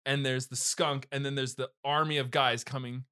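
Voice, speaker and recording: Animated, bright-voiced male podcast host. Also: medium pitch, normal speed, clear, resonant tone. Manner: animated storytelling, acts out characters. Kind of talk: comedic comic-book recap.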